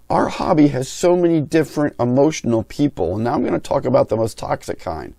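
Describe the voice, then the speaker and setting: Middle-aged male vlogger, opinionated storyteller, relaxed dark timbre, dry. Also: medium pitch, creaky, no echo. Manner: blunt, opinionated, talks with his hands in words. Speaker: RC pilot and channel host. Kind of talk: candid storytelling rant.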